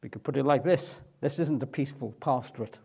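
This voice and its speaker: A man's voice: mid-range voice, brisk, gravelly, darkish tone, slightly rough. A man pastor preaching a sermon in a conversational way, often asking the congregation rhetorical questions.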